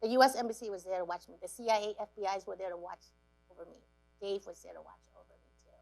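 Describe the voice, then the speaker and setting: A woman from Cambodia telling stories to students, lively, laughing often and acting out what people said. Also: mid-range voice, racing, creaky. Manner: lively storyteller, acts out quotes, laughs often. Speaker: guest speaker. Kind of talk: storytelling talk to students.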